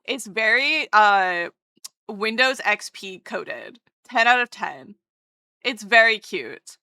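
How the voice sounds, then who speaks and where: A woman chatting casually on a live stream, bubbly and excitable, swearing freely as she greets viewers. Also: mid-range voice, slow, clear, resonant tone, dry recording, clean studio sound.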